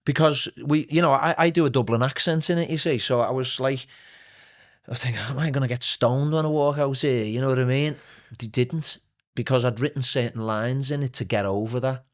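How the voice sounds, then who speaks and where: Man, podcast guest, anecdotal, animated, mid-pitched voice. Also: brisk. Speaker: guest, singer and playwright. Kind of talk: casual interview chat.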